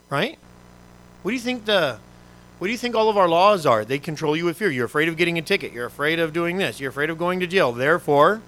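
Brief: male pastor, conversational sermon, rhetorical questions, slightly high and bright, faint hum behind. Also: low-quality recording.

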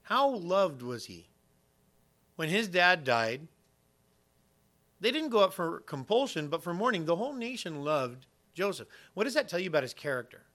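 A middle-aged male pastor delivers a sermon in a relaxed, conversational way, slipping in self-deprecating jokes. His voice sits slightly high and rings bright and forceful. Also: moderate pace.

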